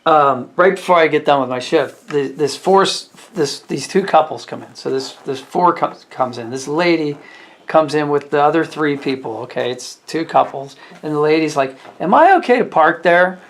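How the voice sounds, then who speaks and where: Rambling, slightly high-voiced man telling stories. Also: normal speed. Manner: rambling, filler-heavy retelling that grows animated. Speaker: restaurant waiter. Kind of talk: casual storytelling vlog.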